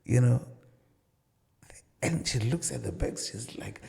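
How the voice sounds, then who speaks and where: A middle-aged man, a marriage counsellor and pastor, earnestly telling stories and acting out dialogue in a relaxed conversation. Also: medium pitch, slow, vocal fry, whispered. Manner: earnest storytelling with many "you know" asides, acting out dialogue. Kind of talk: casual advice-giving conversation.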